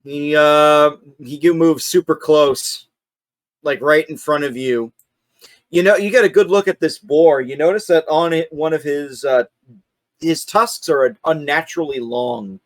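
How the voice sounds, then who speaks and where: A man's voice: fairly high pitch, a little slow, no echo, clean studio sound. Man game-mastering a tabletop session. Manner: laughing, hesitant narration with fillers.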